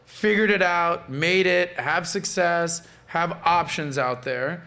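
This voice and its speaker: A man in his late thirties hosting a casual panel chat. His voice sits a little high for a man, and he talks in a loose, animated way with swearing. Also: slow pace. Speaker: podcast host.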